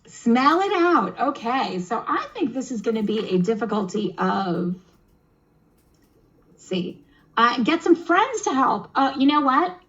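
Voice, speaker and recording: A woman's voice: fairly high pitch, big pitch swings, measured pace, a bit bright, lo-fi sound. A woman on a video call, explaining and running a kids' tabletop game demo in an encouraging, teacherly, chatty way. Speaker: game master and presenter.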